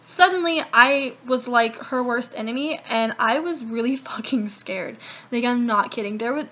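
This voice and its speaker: Speaking directly to the camera in a laid-back storytime vlog, a young woman with a high, bright, clear voice meanders through a long personal tale at a moderate pace. She curses freely and animatedly performs the quoted dialogue of each person involved.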